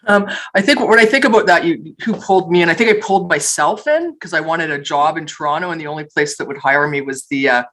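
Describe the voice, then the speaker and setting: A woman on a panel, telling lively stories from her reporting career, with frequent restarts. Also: deep voice, quick pace, hardly any pauses, low-quality recording. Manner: animated storytelling with restarts and laughs. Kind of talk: panel discussion, personal anecdotes.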